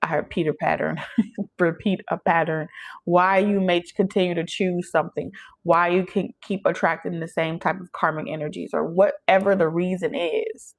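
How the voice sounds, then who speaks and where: A young woman speaks in a fairly low voice, doing a chatty, emphatic channeled tarot reading. She talks straight to her listeners, often pausing to ask "okay?" between points. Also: fairly even intonation, vocal fry. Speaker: tarot reader. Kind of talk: channeled tarot reading, casual talk to camera.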